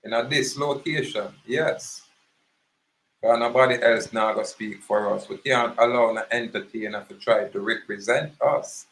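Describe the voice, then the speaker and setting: A man's voice: medium pitch, steady tone, unhurried, fairly bright tone, low-quality recording. A man with a Jamaican accent giving an impassioned, preachy monologue, emphatic and repetitive. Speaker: activist speaker.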